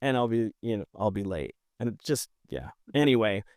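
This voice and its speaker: A man's voice: fairly low pitch, brisk, no echo, studio quality. A man co-hosting a podcast, chatting casually and jokingly about hockey games in long runs. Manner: animated, jokey, talks in long runs. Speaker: podcast co-host. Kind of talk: casual sports chat.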